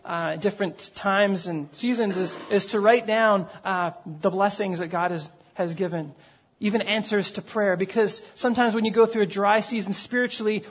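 A man preaching a sermon as pastor, earnest and conversational, with frequent fillers and repeated words. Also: high voice.

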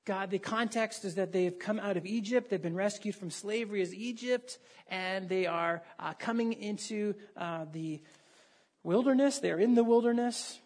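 Preacher, husky tone, relaxed conversational sermon, reads scripture and quizzes the room. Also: medium pitch, normal speed. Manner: conversational, asks the listeners questions and reads scripture aloud. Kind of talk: sermon with Bible reading.

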